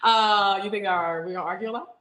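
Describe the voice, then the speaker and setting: Woman co-host, mid pitch, bubbly live-stream chat, roomy echo. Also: steady tone, fast talker, a bit bright. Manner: bubbly, reads viewer comments aloud. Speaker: podcast co-host. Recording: echoey room.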